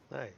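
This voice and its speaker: A man's voice: high voice, vocal fry, slightly rough, muffled recording. A man playing in a tabletop game, bantering playfully and laughing often. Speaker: player. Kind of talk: casual tabletop play.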